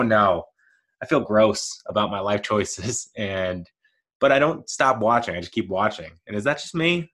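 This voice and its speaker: Rambling, self-mocking man in his thirties. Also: on the low side. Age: 30s. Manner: rambling, self-deprecating, laughs at himself; mild-mannered, never yells. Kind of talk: casual solo monologue.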